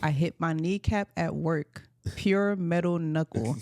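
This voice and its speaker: A woman's voice: fairly low pitch, unhurried, darkish tone, dry recording. A woman. She teases her co-host and tells stories with a playful edge. The sound is dry, with no room around it. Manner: playful, teasing storyteller. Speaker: podcast co-host. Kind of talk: casual chat.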